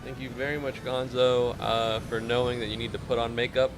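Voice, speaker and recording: A man streaming a game and chatting with viewers in a casual, deadpan, mock-serious way, with some swearing. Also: mid-range voice, brisk, over music. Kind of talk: casual gameplay chat with viewers.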